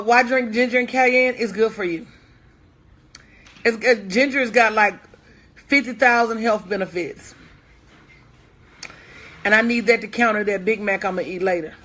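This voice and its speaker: A woman's voice: a little high, a bit bright. A woman business coach talking casually to her online audience, folksy and candid, calling out viewers by name.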